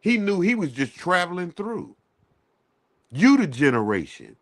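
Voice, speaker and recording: A man's voice: high voice, sing-song, a little slow, no echo, studio quality. A man hosting a casual morning talk show, delivering a rambling, profane, preachy rant. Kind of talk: casual chat.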